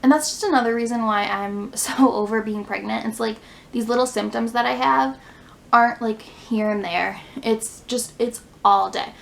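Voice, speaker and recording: A woman's voice: on the high side, fairly even intonation, moderate pace, gravelly, a bit bright, low-quality recording. A young woman, a stay-at-home mom, chatting casually in a vlog, a little out of breath and full of "like" fillers. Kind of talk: casual pregnancy update vlog. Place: home near a fire station.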